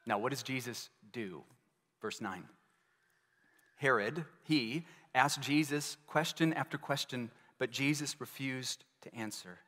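A man's voice: mid-range voice, a bit bright. A male pastor delivering a sermon in an earnest manner, asking his listeners many rhetorical questions. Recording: long reverb of a large hall.

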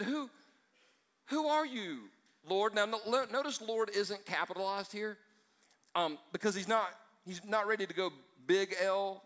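Fired-up preacher with a bright voice. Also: male voice, high-pitched. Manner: energetic and fired up, with joking side remarks. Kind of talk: sermon. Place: church in front of a live congregation.

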